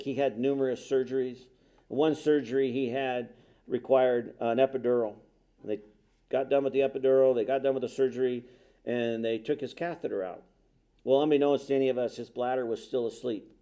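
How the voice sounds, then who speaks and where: A man's voice: medium pitch, dark tone. A middle-aged man giving a talk, telling a personal story in a conversational, self-deprecating way with quoted dialogue. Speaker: speaker.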